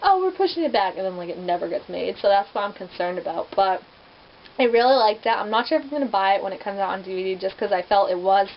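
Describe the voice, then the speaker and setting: A young woman reviews movie adaptations in a casual vlog, chatty and rambling with heavy use of "like." Her mid-range voice moves at a quick pace, and the recording is dull lo-fi with faint hiss.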